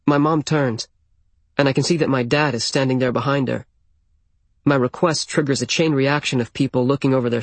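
A man narrates a first-person story, plain and intimate, at a middle pitch. His voice is a touch husky and sits dry and close to the mic. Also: no room sound.

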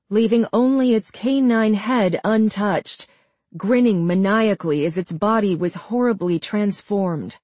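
A woman narrating a horror story in a steady, dramatic storytelling manner. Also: mid-range voice, no echo.

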